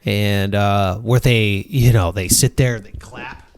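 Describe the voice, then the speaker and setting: A man's voice: on the low side, slow pace, smooth. A man hosting a casual comedy podcast, joking around and slipping into silly voices. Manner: animated, jokey, puts on silly voices. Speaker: podcast host. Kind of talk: casual banter.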